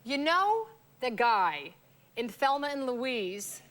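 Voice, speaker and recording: A woman in her forties from the US West Coast, a TV actress telling a lively story as a talk show guest, acting out voices and laughing. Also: a little high, takes it slowly. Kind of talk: casual chat, anecdote telling. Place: TV studio with audience.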